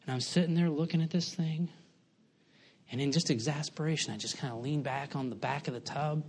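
A man's voice: on the high side, fairly quick, darkish tone, slight background noise. Folksy preaching man. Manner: folksy storytelling, self-mocking humor. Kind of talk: sermon.

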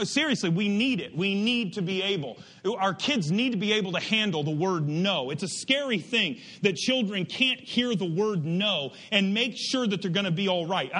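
A man preaching a sermon, animated and emphatic, drifting into asides and restarting his sentences. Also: high voice. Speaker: pastor.

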